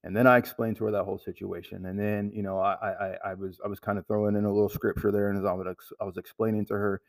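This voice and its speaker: Low, gravelly man, casual storyteller, stumbles and restarts often, dry sound a bit off mic. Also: level tone, no room sound, far from the mic. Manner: halting, many restarts and "like" fillers. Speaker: manager telling a work story.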